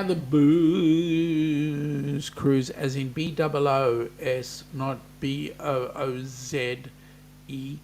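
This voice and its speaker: A man's voice: a little high, slight background noise. An Australian man hosting a casual live chat, reading out viewer comments and joking with them.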